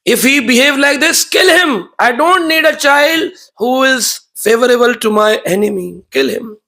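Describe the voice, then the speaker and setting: A man's voice: extremely high pitch, moderate pace, vocal fry, pushed and bright, exaggerated voice. A man voicing a ruthless demon king who orders his own son killed, in a devotional story talk. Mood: furious.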